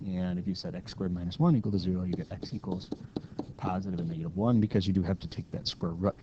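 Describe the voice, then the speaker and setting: A man's voice: deep voice, steady tone, fast talker, dull audio, very noisy. A man teaching calculus in a casual, step-by-step lecture, stopping now and then to correct his own slips. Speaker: math teacher.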